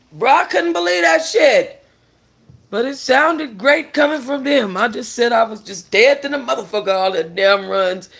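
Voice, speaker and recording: A music review vlogger with an unhurried delivery and a gravelly, crackly edge to a bright, forceful tone. The talk is gossipy and blunt, full of profanity and aimed straight at the viewers. It stays opinionated and expressive throughout. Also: mid-range voice. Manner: animated, blunt and profane, with mocking impressions.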